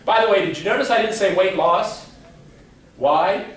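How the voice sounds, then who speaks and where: A middle-aged man with a fairly high voice gives a joking motivational talk to a crowd. He is picked up from far off in a big echoey hall, with faint room ambience behind him. His storytelling is playful and full of acted-out quotes. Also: normal speed, fairly bright tone. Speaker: motivational speaker. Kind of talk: humorous keynote speech. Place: large hall before a live audience.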